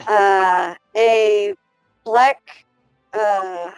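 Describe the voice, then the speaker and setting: A woman's voice: mid-range voice, fairly even intonation, smooth, no room sound, faint music behind, poor audio. A woman playing a tabletop game, describing her character's actions hesitantly. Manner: slow, hesitant, with "uh" pauses. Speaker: player.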